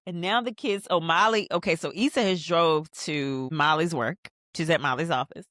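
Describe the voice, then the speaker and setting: A woman hosting a podcast, recapping a TV episode in a chatty, animated way with slangy asides. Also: deep voice, no echo, studio quality. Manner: narrates scenes while pausing the show. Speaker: podcast host.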